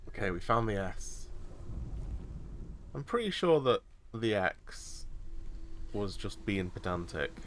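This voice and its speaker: Joking male streamer, lowish voice. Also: big pitch swings, slow pace, pauses often. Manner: joking, playful, reacts aloud to the game. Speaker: streamer playing a game. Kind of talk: casual gaming chat. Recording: live stream with faint noise.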